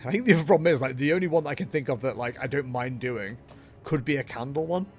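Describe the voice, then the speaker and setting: Over soft background music, a man at medium pitch talks fast in a slightly mellow voice while streaming a game. His live commentary is chatty and casual, full of self-deprecating jokes and asides.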